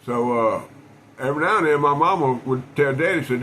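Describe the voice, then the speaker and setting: A knife collector vlogger with an ordinary middle-pitched, slightly bright voice talks casually to camera, a little fast, over faint room ambience. He tells things in a folksy, rambling way, looping back with restarts and fillers, on a rough recording with some hiss or hum.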